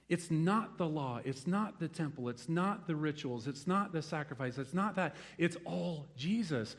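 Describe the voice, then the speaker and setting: A middle-aged man preaching a sermon in a conversational, animated way, acting out the voices in his stories. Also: fairly high pitch, moderate pace, hardly any pauses. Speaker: pastor.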